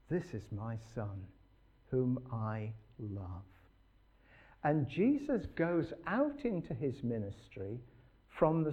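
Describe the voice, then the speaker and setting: A man's voice: on the high side, dull audio. A man preaching a sermon in an earnest, emphatic way, putting rhetorical questions to his listeners.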